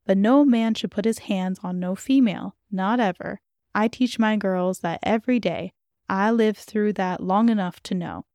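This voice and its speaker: A woman voicing a blunt, suspicious, outspoken middle-aged neighbor who talks in a sharp, preachy way. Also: mid-range voice, normal speed, no room sound, studio quality, natural voice. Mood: indignant.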